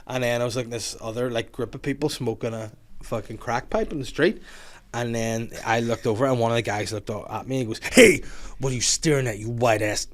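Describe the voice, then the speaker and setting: A man's voice: medium pitch, steady tone, fairly quick. A young man hosting a crude comedy podcast, telling stories with acted-out quotes, laughing and swearing often. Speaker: podcast host.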